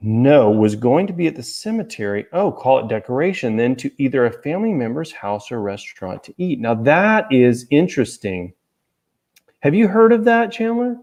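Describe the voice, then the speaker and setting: A man's voice: mid-range voice, big pitch swings, brisk, hardly any pauses, a little mellow. A man hosting a casual livestream chat, rambling and joking, talking from outdoors near a golf course. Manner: rambling, easily distracted, joking. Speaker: host and author.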